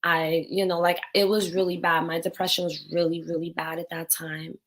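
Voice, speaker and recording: A woman's voice: on the low side, level tone, moderate pace. A young adult woman talking candidly and tearfully in a personal vlog, swearing now and then. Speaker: vlogger.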